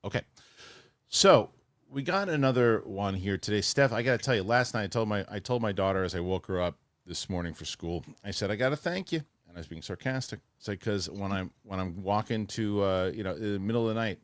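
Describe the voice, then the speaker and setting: A man's voice: lowish voice, a little fast, no room sound. A middle-aged man hosting a show, talking in a chatty, rambling way with frequent restarts. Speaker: show host. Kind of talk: casual chat and read ad.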